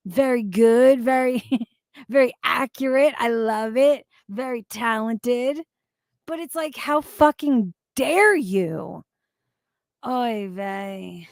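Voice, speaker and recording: High-voiced woman, slow and emphatic, indignant profane commentary, dry close mic. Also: clear, resonant tone, no echo. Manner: indignant, swears heavily, bursts into shouting and laughter. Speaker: commentary YouTuber reacting to clips.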